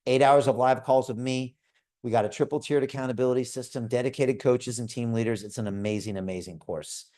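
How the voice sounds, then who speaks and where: A man in his fifties hosts a live video call. He pitches hard and persuasively, with an energetic, storytelling manner. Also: fairly quick. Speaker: host.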